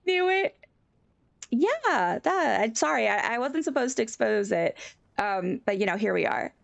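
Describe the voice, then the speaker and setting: A woman streamer chatting casually on a live stream, animated and giggly. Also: medium pitch, vocal fry, no room sound.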